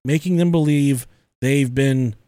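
A man's voice: mid-range voice, unhurried, mellow, clean tone, no room sound. A young adult man hosting a podcast, joking crudely and swearing often, with frequent laughter. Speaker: podcast host. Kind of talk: casual podcast banter.

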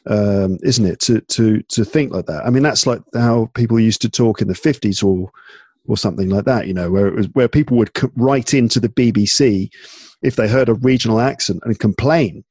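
A man's voice: lowish voice, a little mellow, breathy edge, dry recording. Tired english guy chatting, lots of restarts and ums, dry close sound. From England. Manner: halting, many restarts and fillers. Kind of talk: casual chat. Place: home in Paris at night.

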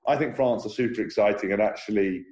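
A quick-talking man from England chats about rugby in a loose, excitable way. His voice bounces around an echoey room. He rambles with energy, like a former player among friends. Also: lowish voice. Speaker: former player, podcast co-host. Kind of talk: casual sports chat.

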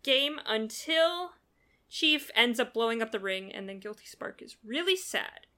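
A woman hosts a relaxed podcast, retelling events with animated, offhand energy. Her voice is bright and forward, pitched a little above the middle. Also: unhurried, smooth. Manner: animated, recapping a story. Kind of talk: casual chat.

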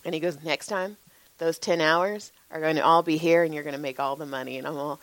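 Animated, profane woman telling stories. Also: low-pitched, normal speed, long pauses, no echo. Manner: animated, profane, laughs often, acts out quotes. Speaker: podcast co-host, massage therapist. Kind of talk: casual storytelling chat.

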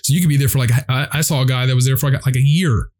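A man's voice: mid-range voice, steady tone, rapid-fire, a little mellow. Young guy rambling through a story with his buddies, lots of swearing and "you know", normal middle voice. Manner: rambling, profane, full of fillers and laughs. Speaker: guest telling a story. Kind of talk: casual storytelling among friends.

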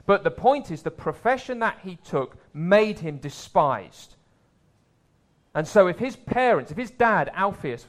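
A man preaching a sermon in a conversational way, swelling louder for emphasis and dropping low for asides.

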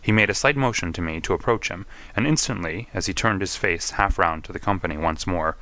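A man narrating a story in the first person, measured and steady. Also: sits low, no echo. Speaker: audiobook narrator.

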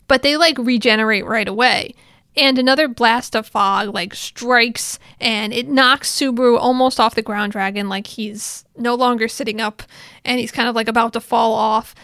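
A woman with a fairly high voice talks through an episode in a relaxed, chatty recap. She drifts into asides as she retells the scenes. The sound is dry, with no room echo. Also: clean tone. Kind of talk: casual spoken recap.

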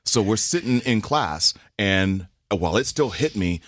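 Animated low-voiced man telling a story. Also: unhurried. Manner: animated, acts out quoted voices with big pitch jumps. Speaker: podcast co-host. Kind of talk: casual storytelling chat.

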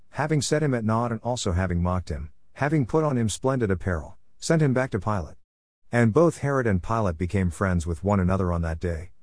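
A man giving a measured, scripted Bible reading. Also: fairly low pitch, darkish tone, dry recording, studio quality. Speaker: reader.

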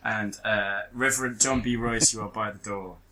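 A man narrating a tabletop horror game as game master, halting with many pauses and restarts. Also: lowish voice, fairly even intonation, a crowd in the background, rough recording.

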